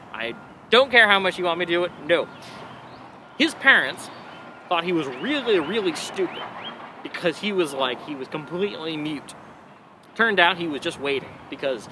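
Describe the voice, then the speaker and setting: A man's voice: a little high, noisy background. A young man, a father of a baby, teaching a casual science lesson in a chatty, digressive way with playful asides.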